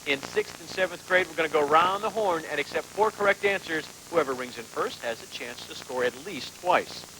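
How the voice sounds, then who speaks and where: A man's voice: on the high side, normal speed, sharp tone, a little hiss or hum, low-quality recording. A man hosting a TV game show, joking and teasing the contestants. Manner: jokey, teasing banter with contestants. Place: TV studio.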